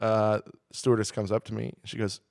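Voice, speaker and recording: A man's voice: fairly low pitch, monotone, moderate pace, creaky, darkish tone, dry recording, clean studio sound. A man co-hosting a comedy podcast, telling a long travel story in a casual, profane, self-deprecating way. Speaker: podcast co-host.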